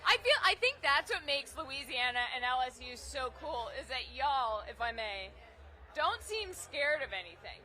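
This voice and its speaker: A woman co-hosting a casual chat in a bar, upbeat and teasing, quick to laugh. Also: high-pitched, sing-song, sharp tone. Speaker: co-host. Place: crowded bar.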